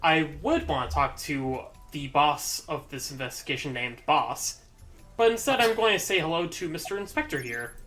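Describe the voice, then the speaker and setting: A young man at the controls of a let's-play, playfully explaining what is going on. His voice is bright and forward. Faint game music plays underneath. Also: on the high side, animated, moderate pace. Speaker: player and host of a game commentary. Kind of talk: casual let's-play commentary.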